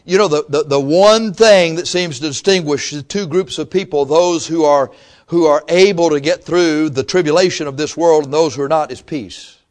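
A male pastor delivering a sermon in a loose, conversational way. His voice sits a little high for a man. He often restarts his sentences and slips into the voices of the people he quotes. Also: normal speed. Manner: conversational preaching with frequent restarts and acted-out quotes.

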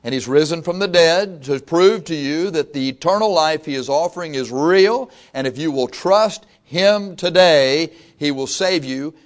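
Male pastor, sermon delivery, slightly raised pitch, deliberate stretched phrasing. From raised Catholic. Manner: slow, emphatic preaching with drawn-out phrases.

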